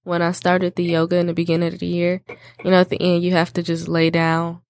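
A laid-back young woman with a Michigan accent talks through stories and reads case notes at an easy pace. Her voice is lowish for a woman, recorded close and dry. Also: completely flat delivery, a little fast, darkish tone, no echo. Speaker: podcast host and case narrator. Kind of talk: casual chat and reading a crime case.

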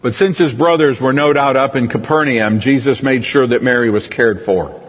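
Middle-aged male pastor, husky voice, earnest sermon, long reverb, muffled recording. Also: medium pitch. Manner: earnest, slows down on key words. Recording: distant echoey church hall, dull sound.

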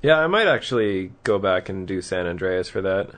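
A man's voice: sits low, animated, moderate pace, fairly bright tone. A man co-hosting a gaming podcast, making dry wisecracks in casual chat. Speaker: podcast co-host.

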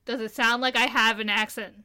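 Young woman, from Maryland, podcast co-host, giggly, rambling, high bright voice. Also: fairly even intonation, fairly quick, smooth. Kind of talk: casual podcast chat.

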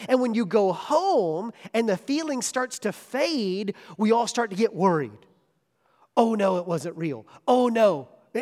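High-voiced man preaching in an echoing hall. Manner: animated, emphatic, rising to urgent emphasis. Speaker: camp preacher. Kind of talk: sermon with a personal story. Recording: long hall reverb.

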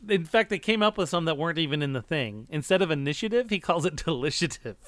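A man on a podcast with a bright, slightly high voice that swings up and down as he laughs through quick banter. The recording is close and dry. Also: lively intonation, dry recording. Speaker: podcast co-host. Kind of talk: casual chat.

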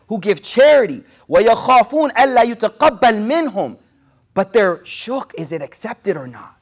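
A man teaching as an Islamic speaker in a relaxed sermon, retelling a story, dropping street slang, repeating phrases for emphasis and reciting Arabic quotations quickly. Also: sits high.

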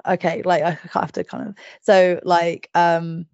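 A chatty woman with a lowish voice tells stories on her podcast, laughing at herself as she goes. The recording is dull and dry. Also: level tone, unhurried, darkish tone, no echo. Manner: chatty, laughs often, self-deprecating. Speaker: podcast co-host. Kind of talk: casual chat.

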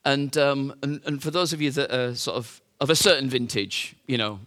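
A man's voice: medium pitch, fairly even intonation, moderate pace, fairly bright tone. A man preaching a sermon, telling the story in a conversational way with rhetorical questions and fillers.

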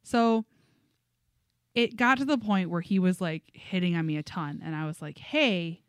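A woman's voice: on the low side, moderate pace, clear, resonant tone, dry recording. A woman co-hosting a podcast, telling stories in a casual chat, full of fillers and laughs. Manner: animated storytelling with many fillers and laughs. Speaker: podcast co-host.

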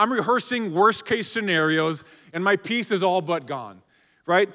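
A man in his forties, a pastor, preaching a sermon to a church in an energetic, joking way and calling out to the congregation. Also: sits high, normal speed. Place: large church auditorium. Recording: long hall reverb.

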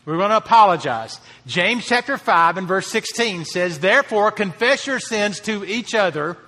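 A pastor delivers a sermon in a high, bright voice, speaking earnestly and with animation at a normal speed. He raises his voice to hammer home key phrases, and his words fade into the long reverb of a hall.

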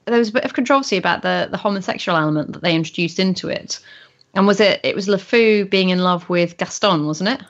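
A woman's voice: mid-range voice, fast talker. Chatty woman, muffled audio. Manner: chatty, asks questions, rambling asides. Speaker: podcast co-host. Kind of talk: casual chat.

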